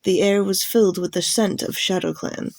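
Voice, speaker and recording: A woman's voice: mid-range voice, moderate pace, dry recording, natural voice. A woman voicing a grave, commanding she-cat clan leader who speaks steadily and formally to her clan in an audiobook reading. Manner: steady, formal addressing a gathering. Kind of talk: audiobook character voice.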